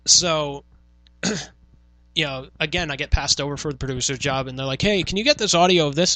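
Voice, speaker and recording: Fast-talking, swearing New man. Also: a little high, pushed and bright, no echo. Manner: profane storytelling, acts out quoted exchanges. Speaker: podcast host, former radio worker. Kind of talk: casual chat.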